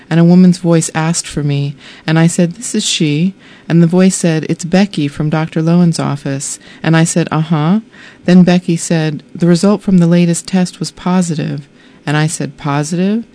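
A woman's voice: deep voice, normal speed. A woman author reading aloud from her own memoir, telling the story wryly and voicing the dialogue. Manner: wry, expressive storytelling with voiced dialogue.

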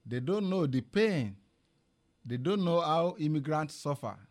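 A man with a slightly raised voice speaks as an in an interview. He is earnest and emphatic, pausing on fillers before pressing his point. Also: on the high side, animated.

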